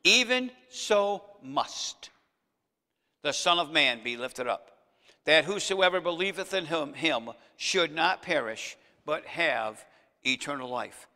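Bright-voiced preaching pastor in a church. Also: male voice, on the high side, measured pace. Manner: preaching with rising emphasis, addressing the congregation directly. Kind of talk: sermon. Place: church sanctuary. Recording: long church reverb.

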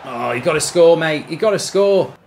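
A man streaming a football video game, reacting loudly, swearing and cheering at the play. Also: fairly high pitch, normal speed, a little hiss or hum. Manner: excitable, swears, shouts at the game. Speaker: gaming streamer. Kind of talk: live football game commentary.

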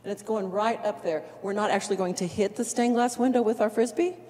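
A woman's voice: medium pitch, fairly quick, warm tone, in a large hall. A middle-aged woman teaching an opera masterclass in a church, encouraging and demonstrating phrases by singing them. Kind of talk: coaching a singer in a masterclass. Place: church with long reverb.

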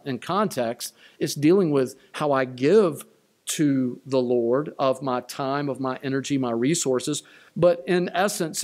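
A man's voice: fairly high pitch, darkish tone. Emphatic male pastor preaching. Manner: emphatic, repeats key lines, rising on quotes. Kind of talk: sermon. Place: church sanctuary.

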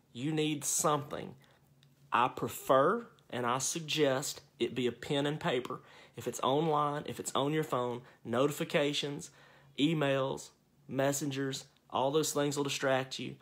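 A man's voice: fairly high pitch, fairly bright tone. A man, a pastor, giving a livestreamed devotional and prayer from a child's bedroom at home, speaking earnestly in repeated lists and praying fervently.

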